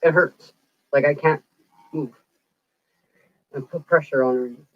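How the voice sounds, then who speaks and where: A woman's voice: low-pitched, steady tone, normal speed, dry recording. Blunt, foul-mouthed woman in her forties. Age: 40s. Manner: blunt, profane storytelling. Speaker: livestream host. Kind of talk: casual livestream chat. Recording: dull lo-fi dry sound.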